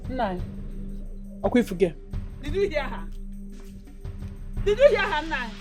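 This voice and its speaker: A fuming nigerian mom in a nollywood film, high voice that swoops around, faint music. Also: female voice, takes it slowly, heavily acted. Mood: indignant. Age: middle-aged. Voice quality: loud, exclaiming, lively. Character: indignant mother confronting her co-wife. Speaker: mother and wife.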